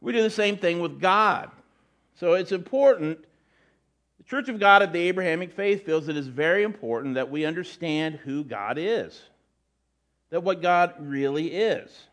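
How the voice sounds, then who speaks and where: A man's voice: a little high, expressive, moderate pace, a bit bright. A middle-aged man preaching a sermon in a conversational way, often restarting and adding asides. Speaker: pastor.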